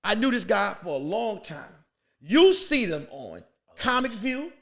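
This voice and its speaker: High-voiced man telling comic stories. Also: measured pace, creaky. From Queens, New York. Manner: animated, acts out other people's voices. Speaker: guest comedian. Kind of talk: comic storytelling on a podcast.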